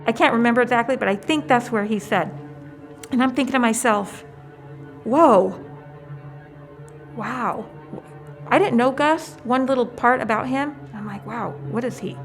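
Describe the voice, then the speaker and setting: High-voiced woman recalling events. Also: normal speed, pauses often, soft background music. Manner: expressive, quotes others with wry asides. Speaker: interviewee. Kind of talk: casual storytelling.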